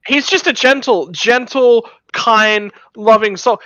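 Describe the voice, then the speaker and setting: Earnest emotional guy in the booth, bright voice, dry sound. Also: extremely high pitch, slow, few pauses, no room sound, muffled recording. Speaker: race co-commentator. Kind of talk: sim racing broadcast commentary.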